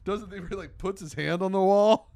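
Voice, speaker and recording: A man's voice: high voice, fairly quick, dark tone. A man in his thirties co-hosting a podcast, telling a rambling story with lots of swearing. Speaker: podcast co-host. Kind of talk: casual chat, storytelling.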